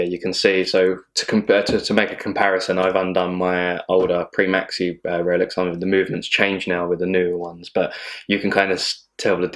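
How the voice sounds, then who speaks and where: Very deep-voiced man chatting casually. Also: a bit bright. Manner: chatty, rambling, laughs often, swears casually. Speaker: watch channel co-host. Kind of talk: casual chat.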